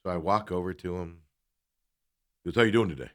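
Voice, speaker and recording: Male talk host, lowish voice, casual anecdote, plays out both sides of the dialogue. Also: fast talker. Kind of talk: casual storytelling chat.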